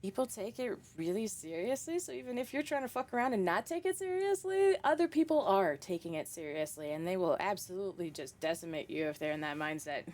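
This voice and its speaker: A woman's voice: medium pitch, animated, fairly quick, hardly any pauses, darkish tone. A young woman streaming a horror game, chatting casually with viewers, laughing often and swearing freely. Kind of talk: casual live-stream chat.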